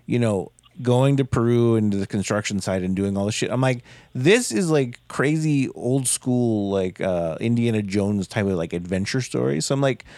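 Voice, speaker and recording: Animated man in casual movie chat. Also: mid-range voice, normal speed, hardly any pauses, no echo, studio quality. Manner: animated, swearing, slips into impressions. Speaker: podcast co-host. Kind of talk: casual film discussion.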